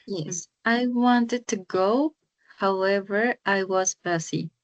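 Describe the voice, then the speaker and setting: Very slow, hesitant Spanish-accented woman. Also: mid-range voice, dull audio. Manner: hesitant, reads haltingly with fillers. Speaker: student.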